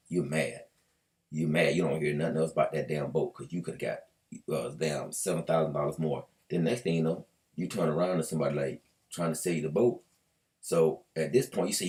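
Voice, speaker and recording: Man, very deep voice, trader, casual explainer, colloquial, mild swearing, animated quoted asides. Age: adult with a school-age daughter. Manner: animated, acts out hypothetical buyers and sellers in quick quoted asides.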